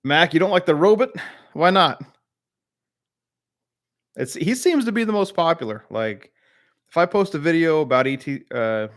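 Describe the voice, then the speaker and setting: Rambling man from the American South. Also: mid-range voice. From Southern United States. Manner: rambling, filler-heavy, replies to chat by name. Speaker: streamer hosting a live chat. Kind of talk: casual live-stream chat.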